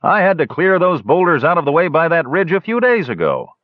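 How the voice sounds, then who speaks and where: A man's voice: fairly high pitch, sing-song, brisk, no room sound, voice pushed up. A man voicing a sleepy, grumbling male dwarf guard who talks drowsily and complains. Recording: dull lo-fi, dry.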